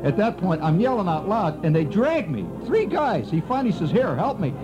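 A man telling a long comic story on the radio in a rambling, wry way, his voice leaping high when excited. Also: normal speed, music in the background. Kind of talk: animated spoken storytelling. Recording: dull lo-fi old radio recording.

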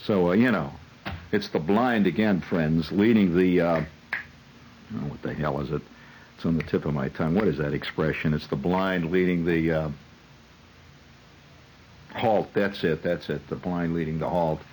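A man's voice: deep voice, normal speed, pauses often, darkish tone, slight background noise, poor audio. A man who hosts on the radio, telling a rambling, wry comic monologue full of digressions and hesitations. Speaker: radio host.

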